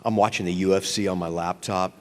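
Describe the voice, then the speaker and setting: A man's voice: deep voice, fairly even intonation, a little fast, a little mellow, in a large hall. A man on a convention panel stage, telling a comic story full of swearing and stammered restarts. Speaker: actor on a fan convention panel.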